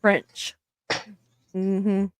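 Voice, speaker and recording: A woman's voice: mid-range voice, completely flat delivery, drawn-out words, clear, resonant tone, no echo. A woman with a Southern American accent hosting a casual live stream, reading viewer comments aloud and laughing often. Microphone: live stream mic.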